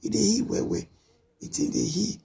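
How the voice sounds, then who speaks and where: A man's voice: high voice, moderate pace, creaky, dark tone, slightly rough. A man giving a repetitive, scolding late-night monologue to his viewers on a live video.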